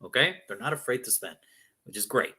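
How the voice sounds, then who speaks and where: A man co-hosting a sports talk show, joking in a casual, animated way and often acting out what people said. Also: medium pitch, fairly quick, slightly rough. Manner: animated, joking, mock-quoting people, repetitive.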